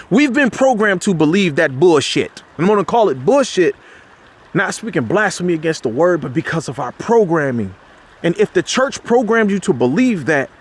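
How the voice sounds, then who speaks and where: A man giving an impassioned spiritual talk, loose and conversational, with slang and restarts. He climbs sharply in pitch whenever he drives a point home. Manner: preachy, rises sharply in pitch when making a point. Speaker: motivational speaker.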